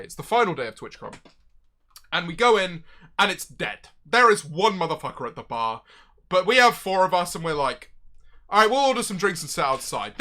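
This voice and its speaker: A young streamer chatting to his viewers in a loose, profane, animated way. His voice is bright and sharp, and it swings widely in pitch as he gets excited, often jumping into loud bursts. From Britain. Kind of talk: casual storytelling chat.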